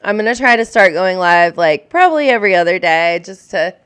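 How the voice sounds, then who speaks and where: Woman, 30s, live streamer; casual, rambling, heartfelt chat with a clear, smooth voice. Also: lowish voice, lively intonation, a little fast. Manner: rambling, chatty, full of "like" and "um"; warm and openly emotional toward viewers. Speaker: live streamer answering viewer questions.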